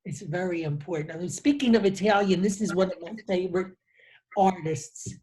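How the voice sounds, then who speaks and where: A man's voice: sits high, brisk, mellow. A man co-hosting a casual talk, who often repeats words as he searches for what to say. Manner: hesitant, repeats words while searching for them. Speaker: co-host, PR professional. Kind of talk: casual conversation.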